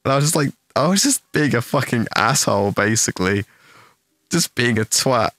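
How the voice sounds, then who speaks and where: A man's voice: medium pitch, normal speed, no room sound. A young man casually telling a rambling, profane story to his stream, acting out the lines of the people in it. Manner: profane, animated anecdote with acted-out quotes.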